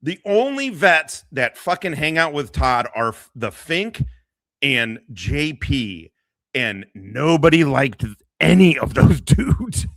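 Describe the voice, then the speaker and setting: A man hosts a casual stream and rants in a crude, mocking way, laughing often. His voice is bright and fairly high, with lively jumps in pitch. The sound is dry and close, with no room echo. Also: takes it slowly. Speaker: streamer host. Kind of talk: profane casual livestream rant.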